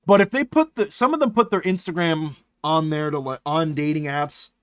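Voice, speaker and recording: A man's voice: on the high side, moderate pace, clean tone, no echo, studio quality. A man chatting casually on a live stream, rambling and swearing often, restarting his sentences.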